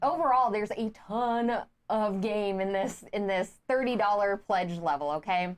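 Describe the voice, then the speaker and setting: A woman's voice: medium pitch, measured pace, clear, resonant tone. A woman co-hosting a board game review show, talking with enthusiastic emphasis. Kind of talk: casual chat.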